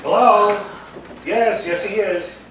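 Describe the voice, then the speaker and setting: An actor playing a flustered middle-aged man trying to keep order in a live stage comedy, fussy and quick to scold. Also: high voice, steady tone, fairly bright tone, a little hiss or hum. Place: theater stage. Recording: echoey hall from far off.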